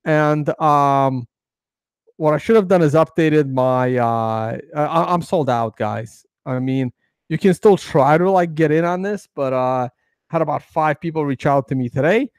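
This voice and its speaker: In a studio-quality clip with no echo, a crypto trading host rambles over his charts, often restarting and filling pauses. His pitch is fairly high, his pace measured, and his tone clear and resonant.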